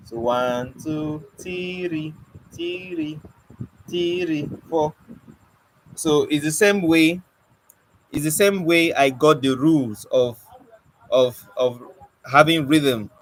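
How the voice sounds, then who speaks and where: A man teaches poetry in a relaxed, conversational way, pausing and restarting as he hunts for words. His voice sits a little high for a man. A faint noise stays underneath the recording. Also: rough recording. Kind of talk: informal spoken lesson.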